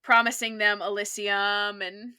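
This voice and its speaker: A podcast co-host chats casually and enthusiastically, recapping a TV episode and peppering her talk with "like". Her mid-range voice is clear and resonant, pushed and bright, with flat delivery at an unhurried pace.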